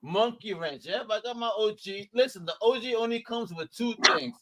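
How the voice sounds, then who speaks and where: Man, podcast co-host, excitable, lots of swearing, lively pitch, dry close sound. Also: brisk, no room sound. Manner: animated, profane, excitable. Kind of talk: casual chat.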